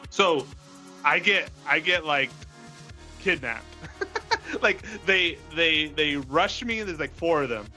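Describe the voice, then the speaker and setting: A man's voice: on the high side, expressive, takes it slowly, long pauses, bright, forceful tone, soft background music. A man casually telling a long dream story on a podcast, rambling with constant "like" fillers and cheerful swearing. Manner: rambling, heavy use of filler "like"; profane, laughs through the telling. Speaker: podcast co-host.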